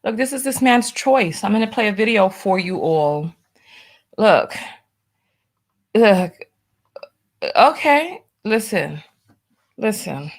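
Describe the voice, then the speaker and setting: Brief: female host, unhurried delivery, direct and casual with viewers. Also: mid-range voice, lively intonation. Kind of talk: casual commentary.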